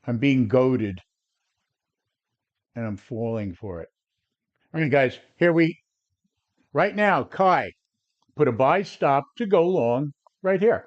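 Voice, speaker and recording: A man's voice: medium pitch, sing-song, slow, pauses often, lo-fi sound. A man in his seventies coaching traders on a live stream, brash and combative, answering viewers directly. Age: 70s. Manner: brash, combative, talks back to chat. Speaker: trading coach. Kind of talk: live stream trading talk.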